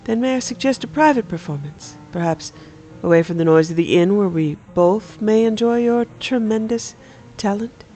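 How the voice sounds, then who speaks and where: A game streamer reading aloud as a teasing noblewoman who flirts with a bard, lifting the voice higher and softer. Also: normal speed, faint music behind, lightly acted. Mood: flirty. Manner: coy, teasing, lilting higher.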